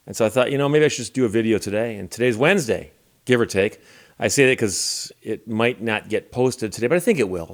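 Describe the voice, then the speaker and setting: A middle-aged man hosting his own channel, casually telling stories to camera in a relaxed, wry way and chuckling now and then. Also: mid-range voice. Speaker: YouTube channel host.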